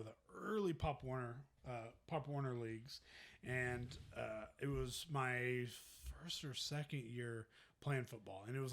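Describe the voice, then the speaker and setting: A man co-hosting a casual podcast, telling a relaxed story with fillers and some swearing. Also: medium pitch. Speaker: podcast co-host. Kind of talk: casual chat.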